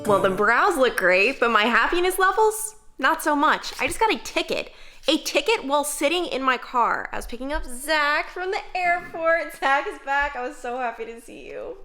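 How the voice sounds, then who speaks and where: A woman's voice: high voice, moderate pace, faint music behind. A woman in her twenties chatting casually to camera as a vlogger, telling stories with lots of fillers. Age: 20s. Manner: chatty, animated, filler-heavy storytelling. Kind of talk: casual vlog chat.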